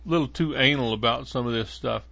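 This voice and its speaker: A man's voice: medium pitch, brisk, vocal fry, pushed and bright, no echo. A man hosting a podcast in a casual monologue, rambling along with many fillers and restarts. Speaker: podcast host. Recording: dull lo-fi dry sound.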